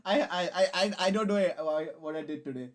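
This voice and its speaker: Talking fairly quickly in a high-pitched voice, a young man works on a model kit during a casual live stream. He's giggly and wired, cursing freely and rambling as he makes fun of himself.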